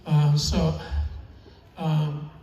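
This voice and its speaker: A man's voice: on the high side, completely flat delivery, very slow, warm tone, distant mic, muffled recording, slight background noise. A man giving a keynote speech on stage, telling stories in a chatty, chuckling, emotional way. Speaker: keynote speaker. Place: large event hall. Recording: echoey hall, mic heard from afar.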